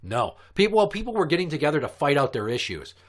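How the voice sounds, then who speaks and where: A man's voice: fairly high pitch, big pitch swings, fast. A man co-hosting a podcast, talking bluntly and profanely in casual chat and getting heated as he tells stories. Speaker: podcast co-host.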